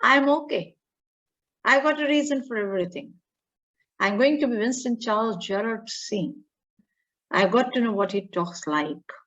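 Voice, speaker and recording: A woman's voice: a little high, expressive, a little slow, pauses often, fairly bright tone. A woman reading a cocky male intruder, lo-fi. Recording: dull lo-fi audio.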